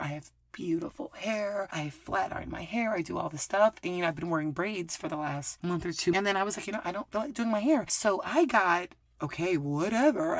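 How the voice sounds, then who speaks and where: A middle-aged woman hosting a podcast, telling personal stories in a casual, animated way, swearing freely and acting out what other people said. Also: fairly low pitch. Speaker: podcast host. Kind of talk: casual storytelling chat.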